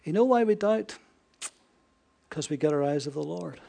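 A man preaching a sermon, swinging between raised emphasis and hushed near-whispers, often asking his listeners rhetorical questions. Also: fairly high pitch, lively intonation, moderate pace, creaky. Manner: frequent rhetorical questions to the congregation.

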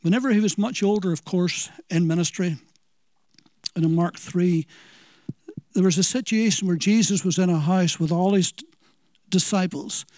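A man's voice: sits high, normal speed, pauses often, darkish tone, dry recording, studio quality. A man with a Northern Irish accent preaching a sermon, telling it as an earnest story and asking the listeners questions.

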